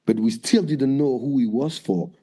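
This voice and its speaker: A man's voice: medium pitch, moderate pace. A man from France with a French accent, a guest dancer telling stories in a casual interview and acting out what people said. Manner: animated, acts out quotes in raised voices.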